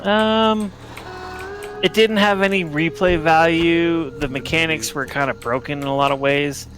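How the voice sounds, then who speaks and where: A man's voice: fairly high pitch, steady tone, measured pace, a bit bright. A man hosting a casual gaming stream, talking in a laid-back way, swearing freely and laughing as he tells stories. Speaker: gaming channel host. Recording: faint game music behind.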